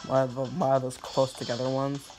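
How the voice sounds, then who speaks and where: A young man giving casual let's-play commentary, excitable, laughing a lot and swearing. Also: medium pitch, fast, faint music behind. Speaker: gaming YouTuber.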